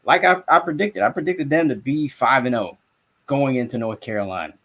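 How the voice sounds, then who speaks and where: A young man from South Florida tells a sports story in a loose, animated podcast chat. His pitch sits in an ordinary middle range for a man. He acts out his own reactions and swears freely along the way. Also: a little fast. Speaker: sports podcast co-host and reporter. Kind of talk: casual sports talk.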